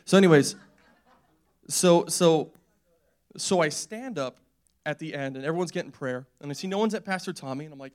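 A man's voice: on the high side, fairly quick, pauses often. A young man preaching a sermon in a conversational, storytelling way, with joking asides and quoted voices. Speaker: pastor.

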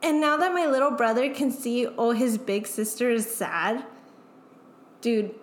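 A woman's voice: fairly high pitch, a little slow. Young woman, casual candid chat, filler-heavy, emotional, echoey room. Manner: emotional, frequent "like" fillers, swearing. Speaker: guest.

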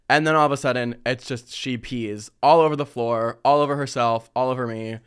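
Young man, podcast host, smooth clear voice, animated, laughs a lot, casual storytelling. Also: medium pitch, normal speed, hardly any pauses. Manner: animated, laughs often, chatty slang.

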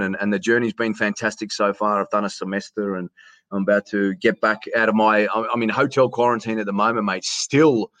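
A man's voice: on the low side, fairly bright tone, no room sound. A middle-aged man with an Australian accent, talking casually as a guest and calling his host mate, often repeating his words. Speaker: guest, sports announcer. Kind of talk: casual conversation over a call. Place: hotel quarantine room.

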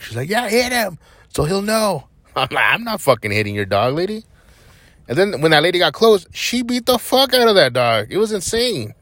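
A man's voice: mid-range voice, a bit bright, no echo. Blunt, profane young man, dry sound. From Albuquerque, New Mexico. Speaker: podcast host. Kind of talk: casual rambling monologue. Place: parked vehicle.

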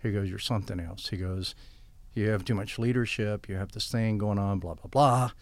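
In a dry recording, an older guest's fairly even, lowish voice moves at a moderate pace. He's in a storytelling interview, telling long, rambling stories and performing the dialogue he quotes.

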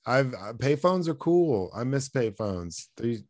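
A man's voice: medium pitch, sing-song, unhurried, darkish tone, no room sound, studio quality. A man co-hosting a podcast in casual chat, rambling, slangy and swearing freely with lots of fillers. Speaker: podcast co-host.

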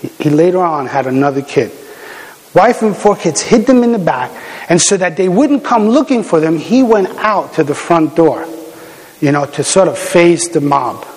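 High-voiced middle-aged man preaching in a reverberant hall. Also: moderate pace. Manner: animated storytelling with many fillers and restarts. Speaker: pastor. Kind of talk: sermon.

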